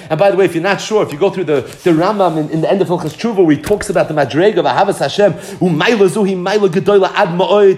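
Animated man teaching Torah. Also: sits high. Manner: animated, mixing Hebrew and Yiddish terms into English. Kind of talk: Torah class lecture.

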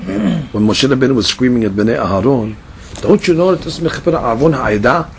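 A man teaching a Talmud lesson in an animated, questioning way, often repeating words and mixing in Hebrew and Aramaic terms. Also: medium pitch, brisk, slight background noise.

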